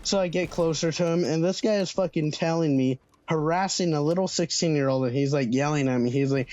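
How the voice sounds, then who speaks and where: A man's voice: a little high, fairly quick, few pauses, a little mellow, dry recording, highs cut off. A young man telling a storytime vlog in a casual, slangy way, swearing freely. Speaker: vlogger.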